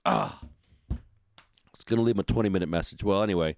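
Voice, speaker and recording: A man hosting a casual call-in radio show, joking and animated. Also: low voice, fast, gravelly, no room sound, clean studio sound. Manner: joking, animated, self-mocking. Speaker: host.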